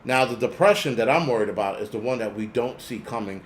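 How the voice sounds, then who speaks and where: Talking fast in a medium-pitched voice, a prepper channel host rambles through a casual live stream, swearing and reading out names from the chat. A little hiss or hum is audible.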